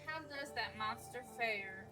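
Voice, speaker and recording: A woman voicing an elderly woman in a horror visual novel, speaking slowly in a genteel, archly dramatic way, with game music behind. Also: a little high, distant mic, voice pushed up, close to an everyday voice. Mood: gossipy. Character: elderly woman, prim and spiteful toward a cat.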